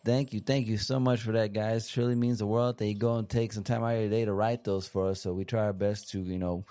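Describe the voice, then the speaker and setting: A young man co-hosts a casual podcast in an easygoing, rambling way, pausing often as he goes. His voice is low. The sound is dry and close, with no room echo. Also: steady tone, mellow. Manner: easygoing, rambling, with frequent "uh" pauses. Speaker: podcast co-host.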